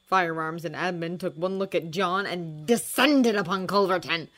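A woman reading fanfiction aloud in a lively storytelling manner, acting out shouted lines. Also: on the low side, moderate pace. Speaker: fanfiction audiobook reader.

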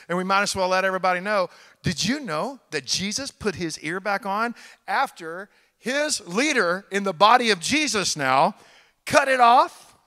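Middle-aged Texan man, guest preacher, bright and forceful voice, folksy sermon in a reverberant church hall. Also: high-pitched. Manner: folksy, animated, jokes with the congregation.

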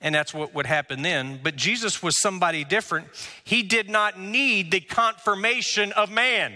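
A man preaching a sermon as pastor, emphatic, with rhetorical questions and drawn-out words. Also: sits high, sharp tone, in a large hall. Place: church sanctuary.

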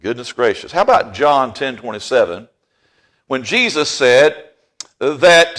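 Baptist preacher guy, middle-aged, jokey with the crowd, voice jumps all over, gets loud on the big points. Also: mid-range voice, big pitch swings, unhurried. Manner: folksy, jokes with the congregation, swells loud on key phrases. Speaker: pastor. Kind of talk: sermon. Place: church sanctuary.

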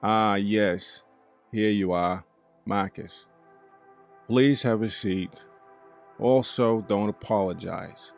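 A man's voice: on the low side, fairly even intonation, slow pace, creaky, long pauses, faint music behind. A man voicing a stern, curt older male support group leader with a New England accent, in a spoken bedtime story. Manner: curt, scolding.

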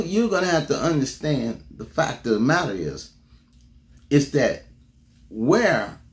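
A man preaching a motivational sermon, exhorting his congregation with call-and-response and repeated words, swinging between loud bursts and low murmurs.

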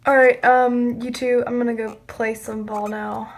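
A woman's voice: fairly high pitch, flat delivery, measured pace, noisy background, voice pushed down. A young woman voicing Tate, an awkward grown man with a unibrow who mumbles sheepishly.

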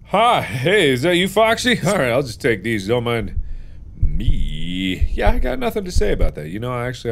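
Theatrical man playing a game out loud. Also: huge pitch swings, a little slow, long pauses, slight background noise. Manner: theatrical, jumps between loud shouts and low muttering. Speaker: gaming video host. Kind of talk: let's play commentary.

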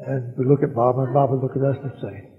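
A man's voice: medium pitch, level tone, racing. An older man recounting old memories to a gathering, rambling with frequent chuckles and fillers. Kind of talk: anecdotal storytelling talk. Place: large hall at a gathering. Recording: dull archival recording in reverberant hall.

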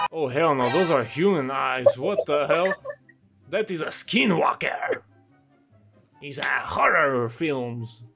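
A joking fellow with a heavy put-on Russian accent and deliberately mangled English, as a man puts him on. He teases and trolls in a prank video chat, with a mock-serious delivery and faint music playing underneath. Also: high-pitched, pitched above the performer's own voice, heavily acted.

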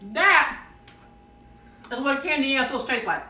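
A high-pitched, sharp-toned woman with a Southern American accent runs a live cooking stream in her home kitchen at normal speed, her intonation lively. Chatty and folksy, she talks straight to viewers and reads their comments aloud, while the distant mic gives the kitchen audio a roomy feel.

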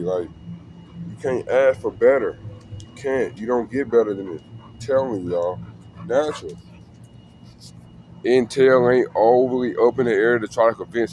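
A man's voice: on the low side, a little mellow, slight background noise. A man who breeds dogs, talking casually and slangily to the camera outdoors with his dog. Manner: slangy, laid-back, talks to camera and dog. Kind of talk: casual vlog talk.

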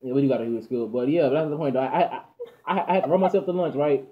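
A teenage boy from Texas telling a story in animated, slangy chat, often stammering and repeating himself. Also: medium pitch, very fast. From Dallas, Texas. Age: teens. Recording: dull lo-fi audio.

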